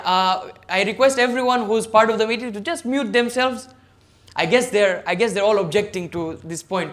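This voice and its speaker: A man's voice: sits high, a bit bright. A man giving a motivational lecture on public speaking over a video call, stressing his points one by one and putting questions to his listeners. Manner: emphatic, enumerates points, questions the audience directly. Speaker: guest speaker at a service club forum. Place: online meeting.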